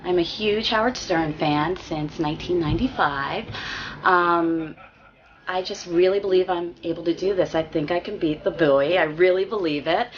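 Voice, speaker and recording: A woman's voice: fairly low pitch, moderate pace, lo-fi sound, a little hiss or hum. A woman introducing herself as a game show contestant, sounding confident. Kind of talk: promo introduction.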